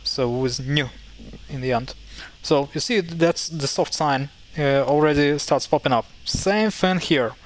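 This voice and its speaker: A man's voice: a little high, unhurried, few pauses. Hesitant man explaining pronunciation. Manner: hesitant, many fillers and self-corrections. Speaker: language teacher. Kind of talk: casual explanatory lesson.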